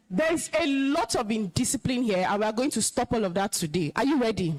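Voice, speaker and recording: Her high voice swinging widely, a young woman with a Nigerian accent, back at her old school as an alumna, sternly scolds the students before her. She delivers orders, then becomes emotional and commanding on the subject of respecting teachers, speaking animatedly and a little fast.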